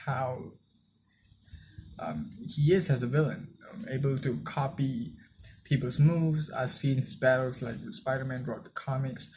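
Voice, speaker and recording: A young man talks through a film review in a loose, rambling way, often stopping with fillers and restarting his sentences. His voice sits at an ordinary middle pitch. A faint hiss of noise runs behind him. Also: a little mellow. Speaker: movie reviewer. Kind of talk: casual spoken film review.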